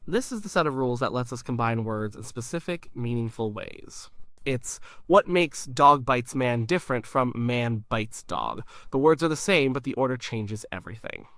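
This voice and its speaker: A man narrating a science explainer in a scripted way, calmly explaining and sounding out simple syllables as examples. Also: medium pitch, moderate pace, no echo.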